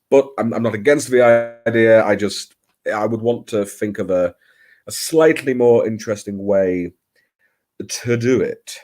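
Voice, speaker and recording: A man's voice: fairly low pitch, a little mellow. A man hosting a late-night livestream, chatting casually in a rambling, self-deprecating way with many hesitations, talking into his computer mic at home. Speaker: livestream host.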